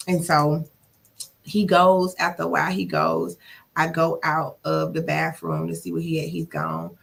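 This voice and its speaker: A woman recounts a painful chapter of her life on a podcast. Her voice sits low, with gravelly fry and a husky edge. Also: sing-song, normal speed. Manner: emotional retelling of a painful past. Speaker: podcast guest. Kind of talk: personal storytelling.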